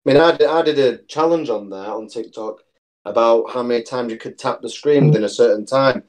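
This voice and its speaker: A man's voice: medium pitch, a little fast, a little mellow. A man chatting on a podcast, telling anecdotes in a matter-of-fact way. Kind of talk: casual chat.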